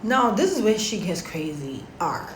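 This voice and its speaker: A woman's voice: medium pitch, moderate pace. Young woman, casual storytime, slangy, roomy echo, faint background hum. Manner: animated, slangy, laughs at her own story. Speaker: storytime vlogger.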